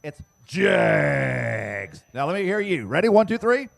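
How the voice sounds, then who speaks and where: High-voiced guy hyping the crowd at a dirt track, teasing folks, shouting into a handheld mic outside. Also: big pitch swings. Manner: loud, teasing, drawn-out shouting. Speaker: track announcer giving away prizes. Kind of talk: playful crowd giveaway on PA. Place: outdoor dirt racetrack.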